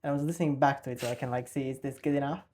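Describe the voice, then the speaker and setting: A man hosts a podcast interview in an easy, casual way. His talk is relaxed and friendly, with small hesitations as he shares stories. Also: medium pitch, rapid-fire. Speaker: podcast host.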